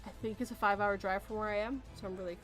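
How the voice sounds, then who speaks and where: Talking very fast, a Canadian woman hosting a podcast rambles through explanations in a relaxed chat, laughing a lot. Her medium-pitched voice is steady in tone and a bit bright, with soft background music.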